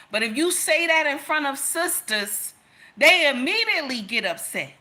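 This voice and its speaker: In a high, pushed and bright voice, a woman commentator rants with passion straight at her viewers. She's very animated at a moderate pace, scolding them and repeating herself to drive points home.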